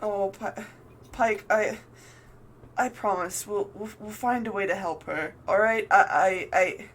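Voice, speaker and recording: A woman voicing Caspian, a gentle, flustered man who stammers and apologizes in a tabletop game. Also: medium pitch, measured pace, slight background noise, lightly acted. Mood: apologetic. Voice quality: stammering, anxious. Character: flustered gentle male father figure Caspian.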